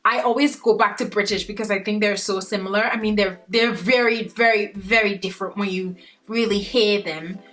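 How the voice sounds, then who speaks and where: A young beauty vlogger chats through a casual makeup tutorial in a playful way, talking straight to her viewers and calling them "guys" and "sis." Her mid-range voice is fairly bright with fairly even intonation, and she speaks at a moderate pace over faint background music.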